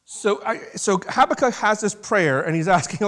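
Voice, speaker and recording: A man's voice: sits high, animated, normal speed, fairly bright tone. A man leading a Bible study as pastor, talking through the passage in a loose, casual way with restarts and asides. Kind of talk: informal sermon. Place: church sanctuary.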